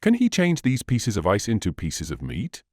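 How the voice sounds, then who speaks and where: A man's voice: on the low side, huge pitch swings, normal speed, darkish tone, no room sound, studio quality. A man reading aloud and voicing a despairing, doubting male sailor with a bitter, scoffing manner.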